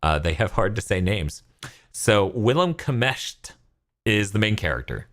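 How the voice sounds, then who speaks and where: A man's voice: fairly low pitch, lively intonation, a little slow, fairly bright tone. A man co-hosting a casual podcast, joking and laughing often and swearing freely. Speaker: podcast co-host.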